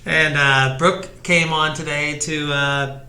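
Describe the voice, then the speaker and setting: Easygoing male co-host, bright voice, echoey studio sound. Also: fairly high pitch, flat delivery, slow pace. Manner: easygoing, laughs often. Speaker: podcast co-host. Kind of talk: casual chat.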